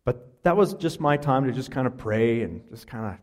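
A male pastor preaching from the pulpit, mid-pitched and conversational. He tells a story earnestly and often restarts his sentences, with plenty of fillers along the way. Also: lively intonation, normal speed, darkish tone. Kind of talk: sermon with storytelling.

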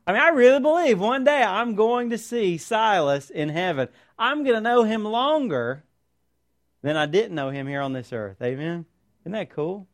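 A man with a notably high voice preaches to his congregation. He tells stories in an earnest way and often stops to ask rhetorical questions. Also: expressive, normal speed. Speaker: pastor. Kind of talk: sermon with personal stories.

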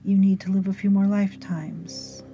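A woman voicing the spirit of a middle-aged man, speaking slowly in a low, hushed voice. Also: little pitch movement, muffled recording, soft background music, close to an everyday voice. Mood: sly.

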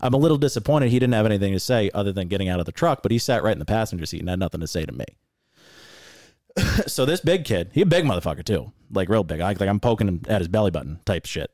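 A man's voice: fairly low pitch, animated, fast talker, darkish tone, dry recording, studio quality. Angry, profane man telling a story. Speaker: podcast co-host. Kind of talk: casual storytelling rant.

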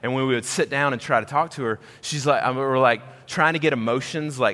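A man preaching a sermon in a big reverberant hall. His voice is bright and forceful. He climbs to loud, high emphasis, then drops low and quiet, and repeats phrases to hammer them in. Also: fairly quick. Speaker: pastor.

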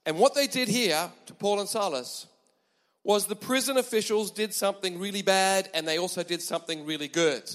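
A man preaching a sermon, emphatic and animated, with chatty asides to the congregation. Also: high voice, big-room sound.

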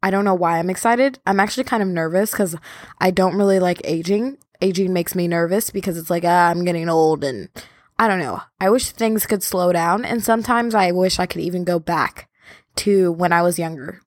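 A woman's voice: fairly low pitch, normal speed, no echo, studio quality. A young adult woman hosting a podcast in a casual, rambling, self-deprecating chat. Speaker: podcast host.

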